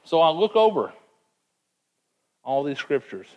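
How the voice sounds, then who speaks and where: Man, preacher, sermon, earnest, emphatic, repeats words, slightly high voice. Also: very animated, a little slow, a little mellow, lo-fi sound. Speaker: pastor.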